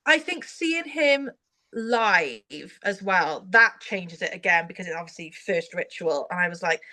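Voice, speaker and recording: A woman's voice: fairly high pitch, a bit bright. A young woman chatting eagerly as a podcast guest, rambling with restarts. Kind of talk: casual chat.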